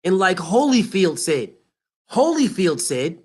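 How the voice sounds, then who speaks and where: A man's voice: sits high, lively intonation, normal speed. A man hosting a boxing show, ranting in a heated, emphatic and profane way and repeating his points. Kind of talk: boxing commentary rant.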